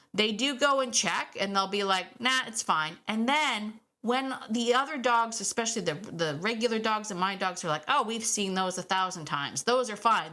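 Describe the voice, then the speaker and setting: A middle-aged dog trainer hosts her own podcast, chatting casually in a bright, clear, fairly high voice. She's animated, often voicing what dogs might be thinking and laughing along the way.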